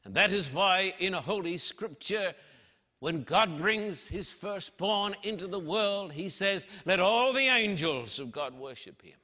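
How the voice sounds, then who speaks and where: A man preaching a sermon, slow and dramatic, stretching out his words and raising his voice on quoted lines. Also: sits high, lively intonation, sharp tone. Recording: reverberant hall.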